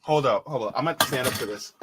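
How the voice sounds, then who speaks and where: A man's voice: mid-range voice, fast talker, background noise. A man on a political panel, talking heatedly and repeating himself, calling people bruh. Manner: animated, repeats himself, says bruh, mimics others in quotes.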